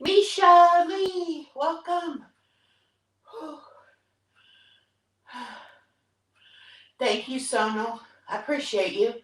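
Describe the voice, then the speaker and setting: Counting reps between breaths during a live workout stream, a fitness vlog host in her 60s sounds breathless and upbeat, letting out whoops. She speaks extremely slowly with frequent pauses, in a high, slightly bright voice. The room echoes and the mic sits far off.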